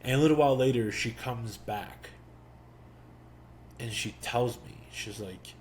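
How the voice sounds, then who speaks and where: A young man hosting a podcast, telling a personal story slowly and reflectively, with pauses. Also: medium pitch, a little mellow, slight background noise. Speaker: podcast host. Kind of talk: storytelling monologue.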